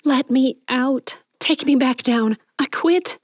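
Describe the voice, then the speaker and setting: A woman voicing an anxious young woman in an audiobook, pleading and high-strung as she fakes panic. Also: unhurried, darkish tone, no echo, clean studio sound. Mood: panicky. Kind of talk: audiobook character reading.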